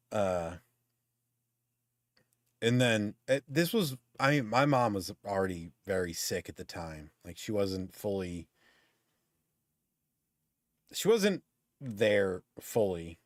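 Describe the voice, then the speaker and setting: A man's voice: on the low side, expressive, slow pace, long pauses, no echo, clean studio sound. A middle-aged man telling a story in casual chat, swearing freely and ranting as he goes. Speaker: podcast host.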